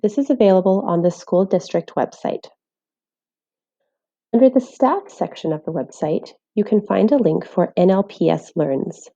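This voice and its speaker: Mellow woman teaching phonics, dull recording. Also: mid-range voice, moderate pace. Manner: clear, careful, sounding out letters. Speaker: literacy teacher. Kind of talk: scripted instructional voice-over.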